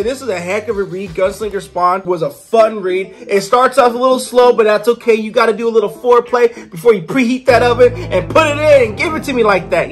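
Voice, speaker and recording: A raspy-voiced comic book reviewer recapping issues in a loose, joking, casual way. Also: medium pitch.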